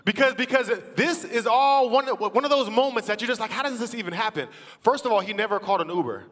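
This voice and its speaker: A man from the church team telling a story from the stage, acting out the quotes and rising to shouted praise. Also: extremely high pitch, lively intonation, fast talker. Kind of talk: testimony preached from the stage. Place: large church auditorium. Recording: long hall reverb.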